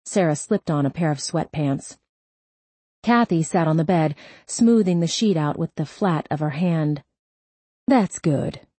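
Woman, audiobook narrator, scripted narration, low, husky, dry close sound. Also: measured pace, warm tone, dry recording.

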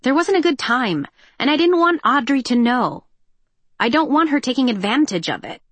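Audiobook: woman reads a level-headed teen mechanic, wry and matter-of-fact, slightly raised pitch. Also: animated, normal speed, fairly bright tone, no echo. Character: practical teenage girl mechanic, wry and guarded.

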